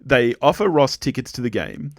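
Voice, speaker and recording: A laid-back man in his thirties co-hosts a podcast, chuckling and teasing, with a lively, rising and falling voice. The recording is close and dry. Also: medium pitch, moderate pace, creaky, no room sound. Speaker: podcast co-host. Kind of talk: casual podcast chat.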